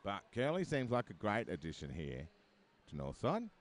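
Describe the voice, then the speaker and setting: A man's voice: on the low side, huge pitch swings, moderate pace, a little hiss or hum. A man giving live roller derby commentary, chatty and full of joking asides.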